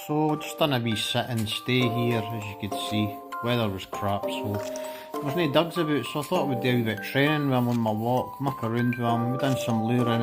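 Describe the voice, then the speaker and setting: A Scottish man chatting bluntly in a casual vlog about training his dog, swearing freely. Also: medium pitch. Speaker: dog owner and trainer vlogger. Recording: background music under voice. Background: music.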